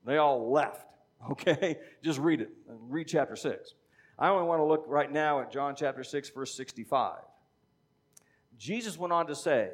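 A middle-aged man preaching in an easy, conversational teaching style. His voice sits a little on the high side, and he keeps checking in with his listeners. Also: moderate pace. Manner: conversational teaching, frequent "okay?" check-ins. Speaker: pastor. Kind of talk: sermon.

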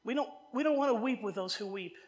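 A woman from New Jersey preaching a sermon in an animated, conversational way, with humorous side stories. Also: a little high, fast talker.

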